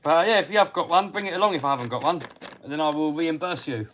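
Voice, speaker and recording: In a relaxed live stream about radio-control cars, an English host reads viewer comments aloud and answers in a friendly, chatty way while working on a model car, occasionally dropping into a quiet mutter over a part. His voice is a little high for a man and his delivery rapid-fire, with slight background noise.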